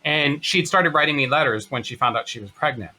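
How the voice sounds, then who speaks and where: A man in his fifties, an interview guest telling a personal story in an earnest, halting way. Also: medium pitch, bright, forceful tone. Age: 50s. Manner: earnest, halting, many fillers and restarts.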